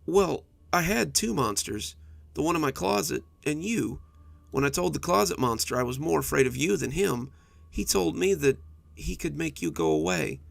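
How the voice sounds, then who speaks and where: A jittery little monster from under the bed, voiced by a man. He has a high, childlike voice that wavers between bluster and fear, with a rough gravelly grain. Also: big pitch swings, normal speed, dry recording, exaggerated voice. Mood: pleading. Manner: fearful, pleading, blustering.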